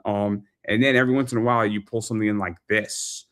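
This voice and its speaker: Chatty low-voiced male show host. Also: steady tone, quick pace, a bit bright. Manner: chatty, repeats phrases, salesy plugs. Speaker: podcast host and eBay seller. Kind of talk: casual talk-show chat.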